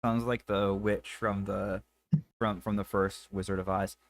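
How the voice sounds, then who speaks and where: A man's voice: lowish voice, little pitch movement. A man streaming a horror game, chatting casually with a co-player and stumbling through fillers and restarts. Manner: stammering, full of fillers and restarts; quick, mumbled asides to himself. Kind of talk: casual chat while gaming.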